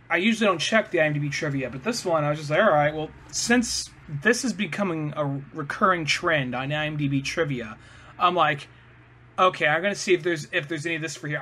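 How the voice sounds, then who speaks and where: A man's voice: fairly high pitch, lively intonation, brisk, pushed and bright, husky. A man co-hosting a podcast, chatting casually with a lot of swearing and laughter. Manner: profane, laughing, ranting. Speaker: podcast co-host.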